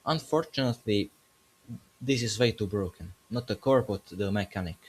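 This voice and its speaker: A man's voice: lowish voice, moderate pace, slightly rough. A man making a casual gaming commentary video, joking as he goes and correcting himself mid-sentence.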